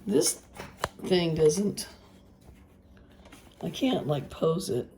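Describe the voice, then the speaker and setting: A woman with a hoarse voice, rambling casually as she works on a craft project and later preaching earnestly. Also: low voice, lively intonation, extremely slow, background noise. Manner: rambling, thinking aloud with restarts; earnest preaching about faith. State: hoarse, voice still gone after illness. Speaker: craft vlogger. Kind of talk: casual craft vlog talk.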